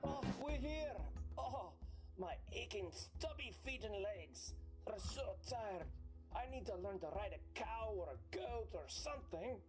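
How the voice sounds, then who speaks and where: Tired little dwarf, high squeaky whine, soft breathy grumble, faint music behind. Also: male voice, lively intonation, measured pace. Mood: weary. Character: weary little dwarf with sore stubby legs.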